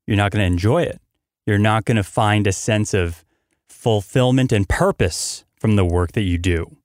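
A man's voice: lowish voice, normal speed, darkish tone, dry recording, studio quality. A man hosting a motivational podcast, talking energetically and emphatically, hammering points through repetition. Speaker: podcast host.

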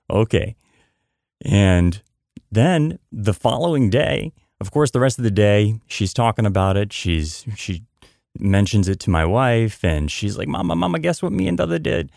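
Gravelly low-voiced man telling a story. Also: darkish tone, dry recording, clean studio sound. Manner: chatty, lots of "I mean" and "you know" asides; repeats words for emphasis. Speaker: podcast host. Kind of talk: casual storytelling podcast.

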